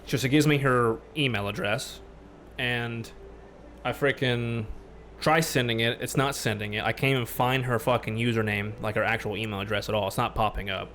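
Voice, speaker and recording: A man ranting on a casual podcast, telling a story, swearing freely and getting loud when angry. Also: medium pitch, fairly even intonation, normal speed, slight background noise. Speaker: podcast host.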